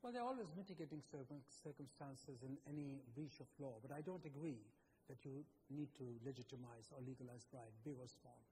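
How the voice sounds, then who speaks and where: A man's voice: medium pitch, fairly quick, mellow, a little hiss or hum. A man, a government minister, stating his disagreement decisively on a panel. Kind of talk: panel debate remarks. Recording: long hall reverb.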